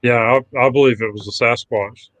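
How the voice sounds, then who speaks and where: A man's voice: medium pitch, steady tone, a little fast, fairly bright tone, dry recording, poor audio. A man on a podcast as a guest, talking in a plain, matter-of-fact way in casual chat. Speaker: guest outdoorsman.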